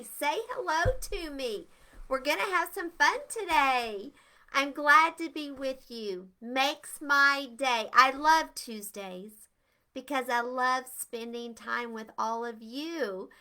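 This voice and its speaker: Speaking slowly in a high, bright, forceful voice, an older woman runs a live-stream etiquette lesson for children. Her greeting to viewers bubbles with enthusiasm.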